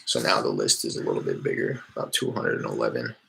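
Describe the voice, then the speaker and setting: Low gravelly man explaining casually. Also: quick pace, pushed and bright, a little hiss or hum. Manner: loose and conversational, many fillers and restarts. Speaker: real estate wholesaler teaching cold calling. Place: small hot indoor room.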